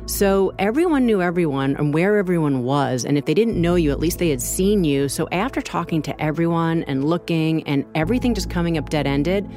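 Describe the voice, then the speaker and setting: A woman co-hosting a true crime podcast, narrating in an earnest, measured way. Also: low voice, warm tone. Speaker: podcast co-host.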